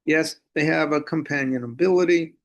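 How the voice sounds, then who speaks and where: An older man lecturing on film in a measured way, with dry asides. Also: on the high side, muffled recording.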